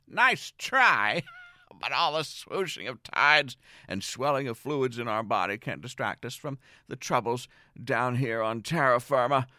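A middle-aged man delivering a scripted comic monologue as a podcast host, earnest and whimsical, with sudden excited jumps. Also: mid-range voice, no echo, clean studio sound.

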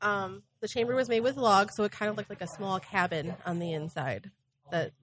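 A woman's voice: medium pitch, normal speed, fairly bright tone. A woman hosting a history podcast live in a bar, hesitant with many ums and frequent laughs.

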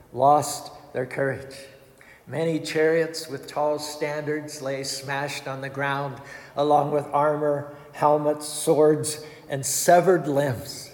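A man giving an emphatic storytelling sermon with dramatic retelling. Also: fairly high pitch. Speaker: spiritual speaker. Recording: echoey hall with long reverb.

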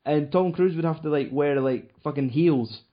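Casual and profane, a male podcast host rambles along with fillers and plenty of cursing. His voice is a little high at normal speed, heard on a dull lo-fi recording.

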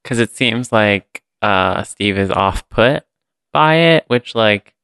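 A low-voiced man with a gravelly edge and a bright, clear tone co-hosts a casual movie podcast. He rambles and thinks out loud, with plenty of filler words. The sound is dry and close. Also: lively intonation, takes it slowly, no echo. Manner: rambling, thinks aloud with many "like"s. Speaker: podcast co-host. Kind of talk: casual movie recap chat.

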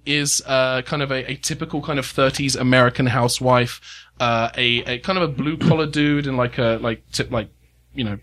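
A man with a bright, forceful voice narrates a tabletop game as its game master. He describes each scene at a mid pitch, stopping and restarting often as he thinks. His tone is casual and unscripted. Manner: halting, full of fillers and restarts while describing scenes.

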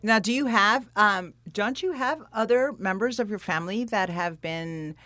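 Woman, interview host, mid-pitched, encouraging, dry studio sound. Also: normal speed, bright, forceful tone, no room sound. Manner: encouraging, frequent short affirmations. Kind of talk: casual interview chat.

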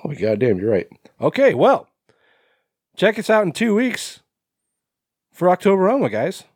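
A man's voice: high voice, wildly swooping pitch, unhurried, a little mellow, breathy edge, no echo, studio quality. A man co-hosting a podcast in casual chat, rambling with lots of fillers and swearing freely. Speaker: podcast co-host.

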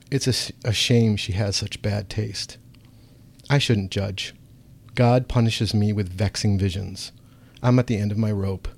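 A man's voice: on the low side, vocal fry, darkish tone, husky. A man giving brooding first-person audiobook narration in short, clipped sentences.

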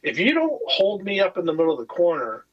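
Husky former racer telling war stories. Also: male voice, high-pitched, fast, lo-fi sound. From California. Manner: animated, swears freely, acts out quotes. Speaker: guest, retired motocross racer. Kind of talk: casual podcast storytelling.

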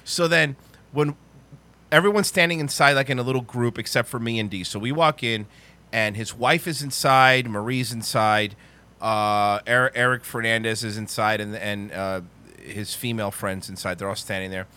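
A man hosting a podcast, telling a comedic story in a rambling, animated way and laughing at his own jokes. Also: lowish voice, normal speed.

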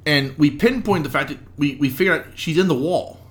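A man's voice: on the high side, brisk. A man co-hosting a podcast, telling a rambling household anecdote in casual chat. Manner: rambling anecdotes, acts out others' lines. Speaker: podcast co-host.

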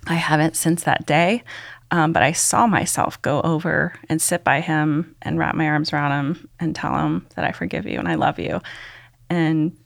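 A woman's voice: deep voice, steady tone, moderate pace, creaky, no echo, clean studio sound. A woman, a podcast guest, giving an earnest personal testimony, rambling with many "likes" and ums.

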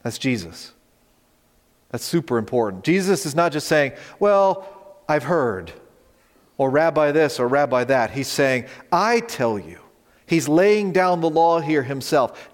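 A man delivers a sermon from the pulpit, reading scripture aloud and unpacking it verse by verse. His voice sits a little high for a man. A long reverb from the church hall trails after each phrase. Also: lively intonation, unhurried. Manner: expository preaching, reading scripture aloud and explaining it. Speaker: pastor. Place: church sanctuary.

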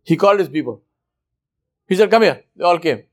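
A man's voice: lively intonation, a little fast. A man preaching a sermon, telling a story emphatically and dramatically, with Arabic religious phrases woven into his English. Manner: emphatic, dramatic storyteller with wide swings in pitch and loudness.

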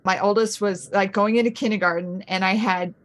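Middle-aged mother as an interview guest, mid pitch, animated and casual. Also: a little fast. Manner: animated storytelling, acts out her own past thoughts. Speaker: podcast guest, homeschooling mother. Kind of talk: casual conversational chat.

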